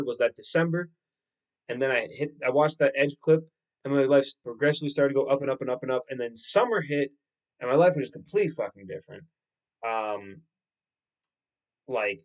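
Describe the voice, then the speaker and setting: A young man hosts a solo podcast in a loose, rambling storytelling manner. His voice sits at a middle pitch for a man, and he swears casually as he goes. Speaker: podcast host.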